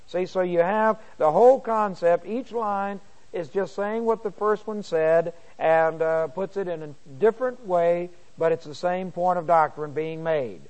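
A middle-aged man teaching a Bible lesson to a class. He reads the verses slowly and deliberately and clears his throat often. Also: high voice.

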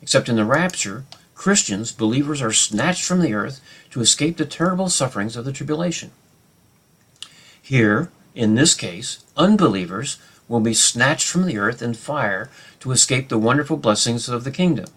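A man's voice: mid-range voice, animated, moderate pace, fairly bright tone, breathy edge. A man teaching a verse-by-verse Bible study, talking unscripted with many fillers and restarts, explaining Hebrew grammar and reading scripture aloud.

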